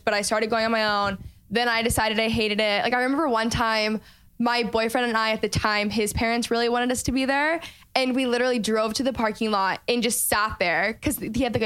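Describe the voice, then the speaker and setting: A young woman hosting a podcast, chatting in a relaxed, reflective way about faith. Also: on the high side, smooth. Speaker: podcast host. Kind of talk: casual podcast chat.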